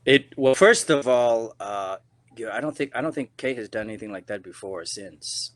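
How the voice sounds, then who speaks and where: A man's voice: medium pitch, lively intonation, normal speed, no room sound. A middle-aged man, an actor guesting on a podcast, telling a story casually with lots of restarts and "you know"s.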